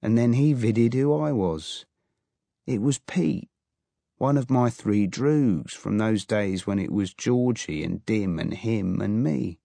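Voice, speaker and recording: Male audiobook narrator, wry first-person read, slow, dry booth. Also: lowish voice, gravelly, mellow, no room sound.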